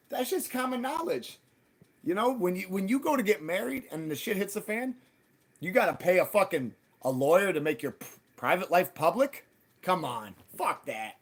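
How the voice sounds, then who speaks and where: A man hosting a live stream, telling a heated, profane story and acting out both sides of past arguments. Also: on the high side. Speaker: livestream host.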